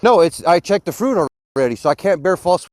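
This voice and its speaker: A man's voice: high-pitched, lively intonation, a little fast, dry recording, clean studio sound. A man arguing his faith in a heated live-stream debate, insistent and preachy. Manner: insistent and preachy, rising to loud outbursts. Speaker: Christian caller in a debate.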